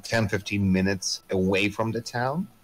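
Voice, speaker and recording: Guy running a d&d game, slow and unhurried, kinda low voice, lots of uhs, faint music behind. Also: low-quality recording. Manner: slow, hesitant narration with many fillers. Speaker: game master. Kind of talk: narrating a tabletop game.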